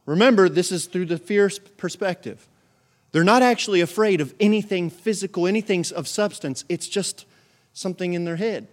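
A man's voice: high-pitched, brisk. A male pastor delivering a sermon, preaching emphatically with repeated phrases and big swings in volume.

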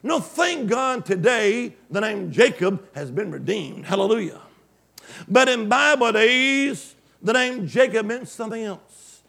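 A male preacher delivering an emphatic call-and-response sermon, swinging from loud exclamations to hushed asides. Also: high voice, animated, a little slow, vocal fry.

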